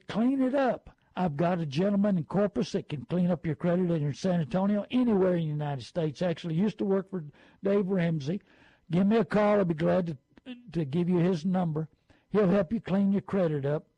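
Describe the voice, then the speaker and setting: A middle-aged man talks through folksy car-buying advice and slips into lively, put-on quotes. His voice sits fairly high, with a gravelly, husky edge. The sound is dry and close. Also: no room sound, muffled recording.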